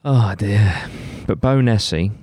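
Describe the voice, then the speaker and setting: A young man co-hosts a podcast, chatting casually as he reads out facts, sweary, animated and jokey, swearing a lot. His lowish voice is slightly rough and slow-paced, with no echo.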